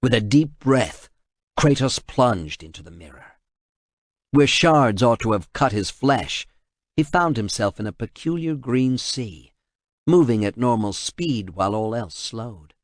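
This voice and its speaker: A man reading an action novel aloud in steady, measured audiobook narration. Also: mid-range voice, no room sound, studio quality.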